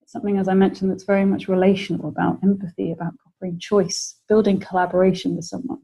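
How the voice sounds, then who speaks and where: A woman's voice: mid-range voice, little pitch movement, quick pace, gravelly, warm tone, husky, rough recording. A British woman presenting a webinar lecture, explaining ideas and acting out example phrases for clients.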